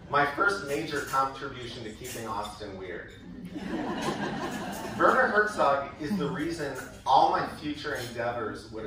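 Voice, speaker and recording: A young adult man, a former student, gives a speech at a school event, telling wry stories with laughs and plenty of animation. His voice is mid-range, and the recording catches an echoey hall from far off with a little hiss or hum.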